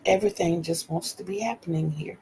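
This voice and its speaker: A woman's voice: on the low side, brisk, noisy background. An older woman in her sixties from North Carolina with a Southern accent, chatting casually and homey on her livestream as host.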